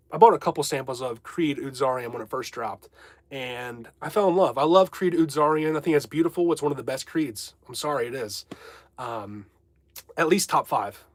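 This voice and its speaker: A man's voice: fairly high pitch, no room sound. A man hosting a casual livestream from home, chatting candidly, rambling and reading chat comments aloud. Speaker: livestream host.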